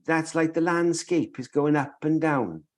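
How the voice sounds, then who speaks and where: A man's voice: on the high side, a little slow. A man co-hosting a podcast, curious and wondering aloud in casual talk.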